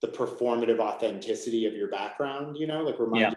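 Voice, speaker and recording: A man's voice: mid-range voice, fast talker, echoey room, rough recording. A man from Maine, an author guest, speaking in a rambling, casual way full of "you know" and "like" on a video call. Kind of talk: casual conversation.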